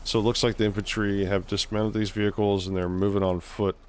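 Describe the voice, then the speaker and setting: A man's voice: lowish voice, little pitch movement, fast talker, a little mellow, a little hiss or hum. A man casting a tactical shooter match live, with wry, dry humor. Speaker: game caster. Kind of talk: live gameplay commentary.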